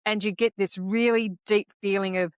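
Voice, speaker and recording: A woman speaks in a calm, reflective way as a podcast co-host. Her voice sits at a medium pitch. The sound is dry and close. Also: moderate pace, smooth, no echo. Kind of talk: casual chat.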